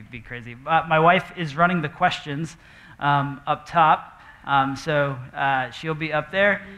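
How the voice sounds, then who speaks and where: A male pastor giving casual church announcements and a live Q&A, nervous, halting, with many fillers and light jokes. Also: fairly high pitch, fairly bright tone. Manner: halting, full of fillers and restarts, joking. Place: church auditorium with audience.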